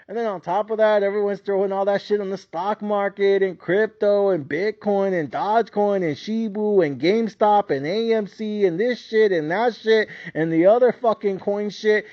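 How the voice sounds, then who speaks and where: A man with a high voice rants heatedly and profanely as a solo podcast host. His swearing is steady, and he breaks into mocking voices. The audio is dull and lo-fi. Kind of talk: solo ranting commentary.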